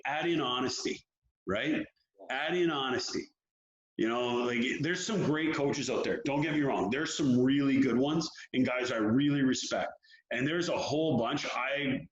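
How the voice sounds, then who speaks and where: A man who coaches young hockey players, talking frankly and telling stories in an animated way during an interview. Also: medium pitch. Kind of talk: candid interview talk. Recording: roomy, dull lo-fi sound.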